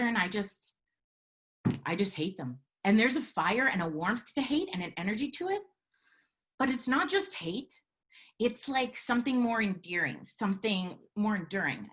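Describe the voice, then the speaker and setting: A woman telling a personal story live, in an earnest, measured way with halting pauses. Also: medium pitch, a bit bright. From Canada.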